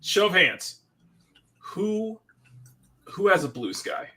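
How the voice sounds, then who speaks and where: A man hosting a relaxed livestream, chatting and greeting viewers by name. His voice is bright and a little husky, and he breaks into laughter often. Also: high voice, slow pace. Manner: chatty, laughs often, reads chat aloud. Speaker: livestream host. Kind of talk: casual chat.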